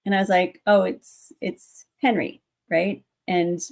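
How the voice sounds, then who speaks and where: Slow and steady, with a low voice and vocal fry, a young adult woman tells a story as an interview guest. She speaks casually, uses lots of fillers, and acts out the voices in her quotes.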